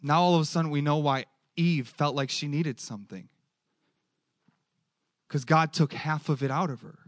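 A male preacher giving a lively sermon and keeping the audience engaged with questions. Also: on the high side, moderate pace, no room sound. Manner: animated, asks the audience questions.

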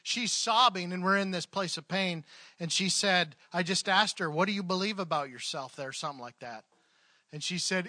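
A man's voice: a little high, fairly quick, bright, forceful tone, dry recording. A man preaching a sermon, telling a story conversationally with fillers, then leading a prayer. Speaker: pastor. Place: church service.

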